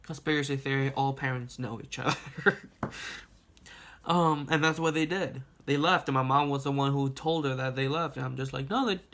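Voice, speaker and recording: A young man tells a story straight to camera in an easy, rambling way. He laughs often and swears freely, with a voice pitched in the middle for a man. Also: moderate pace. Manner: rambling and animated, laughing and cursing at his own story. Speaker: vlogger. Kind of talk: casual storytime vlog.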